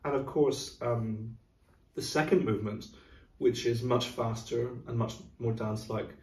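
A man's voice: medium pitch, fairly even intonation, measured pace, a little mellow, recorded from a distance. Middle-aged man, music director type, thoughtful explainer, room echo, mic a bit off. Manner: thoughtful, explanatory, sings rhythms aloud. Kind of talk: casual chat about classical music. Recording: roomy, from off mic.

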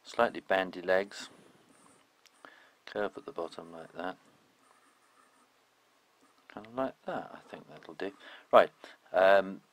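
Deep, gravelly-voiced man teaching drawing. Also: slow, long pauses, slight background noise, rough recording. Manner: casual and chatty, with frequent "um"s and loose phrasing. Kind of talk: spoken drawing tutorial.

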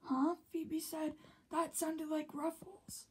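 A woman reads a children's story aloud in a high, light voice. She takes her time, unhurried and gentle. Much of the narration falls to a soft whisper. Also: flat delivery, slight background noise, poor audio. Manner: slow and soft, often drops to a whisper. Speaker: reader of a children's book.

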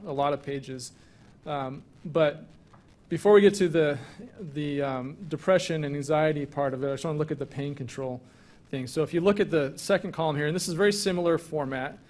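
A man's voice: fairly high pitch, darkish tone. A man who is a physician, giving a conversational grand rounds lecture and walking through slides with casual asides.

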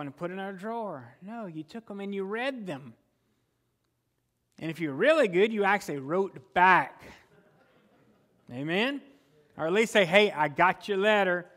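A man's voice: sits high, a bit bright. A man preaching a sermon as pastor, conversational, often asking the congregation questions and answering them himself.

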